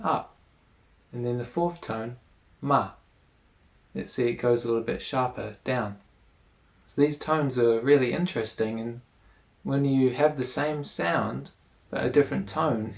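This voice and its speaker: Slow, patient male teacher. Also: mid-range voice, gravelly, darkish tone. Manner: measured and patient, explaining step by step. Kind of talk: explanatory lesson.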